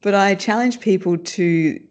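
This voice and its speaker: A woman's voice: medium pitch, measured pace, a little mellow. A woman, a voice coach explaining her work as an interview guest, laughing often. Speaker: voice and speech coach.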